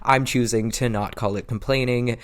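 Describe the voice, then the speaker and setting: Recorded on a camera's built-in mic set low, this man speaks at normal speed with a medium pitch and steady tone. He's a vlogger rambling casually at home, poking fun at himself, repeating points and sounding slightly winded.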